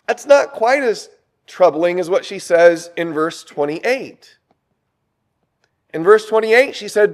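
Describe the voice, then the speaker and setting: Man preaching, high voice, animated, rhetorical questions. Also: slow pace. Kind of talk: sermon.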